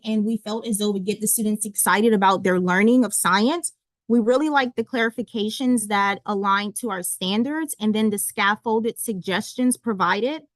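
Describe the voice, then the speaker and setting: A woman's voice: on the high side, fairly bright tone, dry recording. A woman representing a school, enthusiastically presenting her team's prepared reasons.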